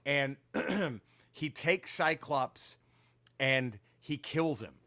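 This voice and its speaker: A man co-hosting a casual podcast, retelling comic book plots in an animated, profane way with lots of restarts. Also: a little high, drawn-out words. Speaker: podcast co-host.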